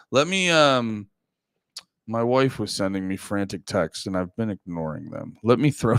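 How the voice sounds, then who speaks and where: A man talking casually on a livestream as a political commentator, rambling from quiet mumbles to loud, high-pitched outbursts. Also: clean tone, no echo.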